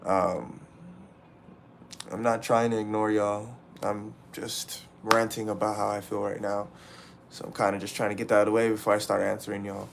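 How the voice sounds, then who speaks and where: A man's voice: fairly low pitch, level tone, moderate pace, creaky, slight background noise. Frustrated young man ranting to his chat. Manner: raw, profane, repetitive venting. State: upset and frustrated. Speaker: livestreamer. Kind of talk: emotional livestream rant to chat.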